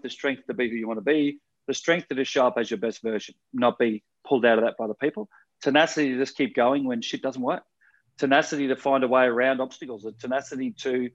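A man's voice: medium pitch, dull audio. A man talking earnestly in a casual podcast chat, rambling with restarts and casual swearing.

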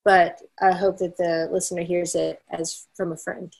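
Husky-voiced woman musician. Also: lowish voice, little pitch movement, moderate pace, a little mellow, rough recording. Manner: heartfelt and sincere. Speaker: musician, band member guest. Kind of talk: casual interview chat. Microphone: video call.

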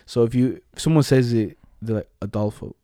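A young man tells school stories in a loose, slangy way, laughing often. His voice is mellow and dark. The sound is dry and close. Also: medium pitch, a little fast, no room sound. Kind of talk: casual chat.

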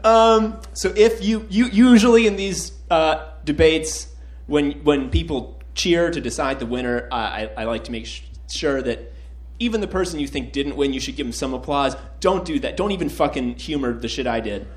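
A man's voice: fairly high pitch, normal speed. A man hosting a live comedy show as debate moderator, loose and joking and swearing freely, recorded in a roomy live venue. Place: comedy stage with live audience.

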